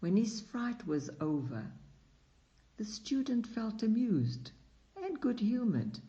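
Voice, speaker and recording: A man reading a classic short story aloud as an audiobook narrator, unhurried, acting out the dialogue. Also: high voice, very animated, dark tone. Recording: dull lo-fi recording.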